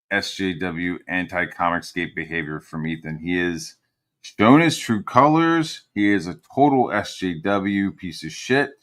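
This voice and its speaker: A man with a fairly low voice hosts a livestream and rants in a casual, rambling way. He swears constantly and mocks his targets with heavy sarcasm. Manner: profane, meandering, sarcastic. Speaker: livestream host. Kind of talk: casual ranting commentary.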